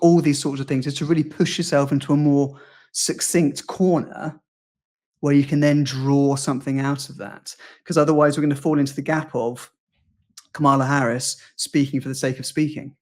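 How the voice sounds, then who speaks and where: A man's voice: medium pitch, flat delivery, normal speed, darkish tone. A man from the UK, a public speaking coach, talking in a podcast interview, speaking fluently and acting out quoted lines. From United Kingdom.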